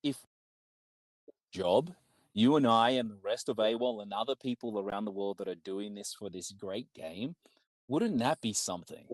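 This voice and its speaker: Upbeat Australian man, low voice. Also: moderate pace, no room sound. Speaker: tournament commentator. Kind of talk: casual esports commentary.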